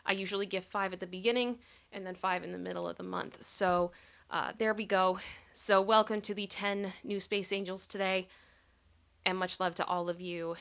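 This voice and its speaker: Bright-voiced woman hosting a livestream. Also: mid-range voice, fairly even intonation, moderate pace, vocal fry. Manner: chatty, thanks viewers by name, gets giggly. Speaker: livestream host. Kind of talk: casual livestream chat.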